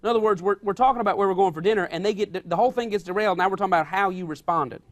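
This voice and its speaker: A male pastor with a high-pitched voice preaches rapid-fire in a folksy, plain-spoken manner. He is emphatic, repeats his key points, and acts out quoted dialogue.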